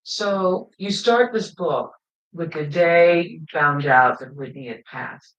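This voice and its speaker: A television interviewer asking gentle, probing questions in a broadcast interview. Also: medium pitch, takes it slowly, roomy sound, lo-fi sound.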